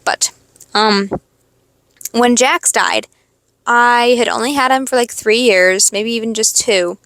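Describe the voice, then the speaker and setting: A woman's voice: on the high side, takes it slowly, a bit bright, no room sound. A young woman hosting a podcast, telling a rambling, expletive-laden personal story in a casual confessional monologue. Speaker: podcast host.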